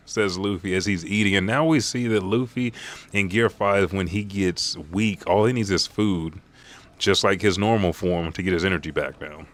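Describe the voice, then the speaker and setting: A man reading a manga chapter aloud on a live stream, excitable and profane, jumping into quick voices for the characters. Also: fairly low pitch, dry recording.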